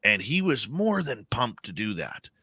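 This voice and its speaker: Bright, dry-voiced male radio host. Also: mid-range voice, big pitch swings, a little slow, slightly rough, no echo. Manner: conversational, heartfelt, says "man" a lot. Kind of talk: casual radio chat.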